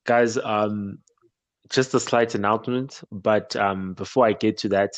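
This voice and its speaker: A man's voice: fairly low pitch, fairly even intonation, a little slow, no room sound. Laid-back male podcast host. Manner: laid-back, full of fillers and laughs. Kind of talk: casual podcast chat.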